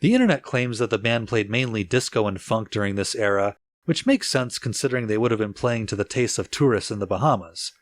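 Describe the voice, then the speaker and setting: A man co-hosting a casual music-history podcast, relaxed and chatty with easy laughter and plenty of fillers. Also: on the low side, fairly quick, hardly any pauses. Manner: relaxed storyteller, laughs easily, lots of filler "like". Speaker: podcast co-host.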